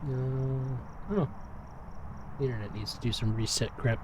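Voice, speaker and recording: A slightly hoarse, out-of-breath man giving rambling, self-deprecating commentary while streaming a game. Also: medium pitch, steady tone, measured pace, noisy background. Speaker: gaming streamer.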